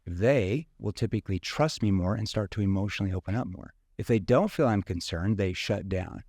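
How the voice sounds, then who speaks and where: Low-voiced man explaining sales methods. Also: fairly quick, a little mellow, no echo, studio quality. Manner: explains with hedges like "you know" and "right?". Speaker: sales trainer guest. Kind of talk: casual interview explanation.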